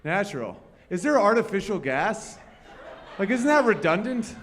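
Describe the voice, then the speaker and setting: A man doing loud, profane crowd work at a piano, teasing someone in a bar. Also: sits high, big pitch swings, normal speed. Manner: loud, brash and profane, teasing an audience member. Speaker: comedian at the piano. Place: bar or club room. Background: faint piano.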